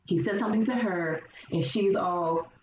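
A woman guest in casual conversation, telling her stories lively and acting out the people she quotes. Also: mid-range voice, moderate pace. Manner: animated storyteller acting out quoted voices. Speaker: podcast guest. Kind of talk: casual chat. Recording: roomy, distant, dull sound with faint hiss.

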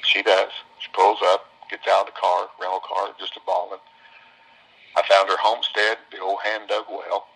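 A man with a deep voice spins homespun stories for a group of visitors. His tone is husky and rough around the edges, yet bright and forceful. He often says things twice to drive them home. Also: level tone, normal speed, low-quality recording. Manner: homespun, repeats phrases for emphasis. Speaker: business owner speaking to visitors. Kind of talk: folksy storytelling talk.

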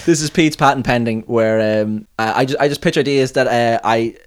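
A man's voice: mid-range voice, moderate pace, a little hiss or hum. A man hosting a loose podcast chat, rambling and laughing at his own jokes. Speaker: podcast host. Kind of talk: casual chat.

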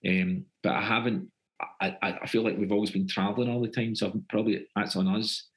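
Chatty Scottish man, low-voiced. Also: fairly even intonation, fairly quick, poor audio. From Scotland. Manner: rambling, chatty, lots of fillers. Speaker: actor, guest. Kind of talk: casual interview chat.

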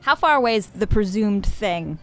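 A young woman playing a tabletop game, asking quick, eager questions and declaring her character's actions. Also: mid-range voice, animated, faint music behind. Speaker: player.

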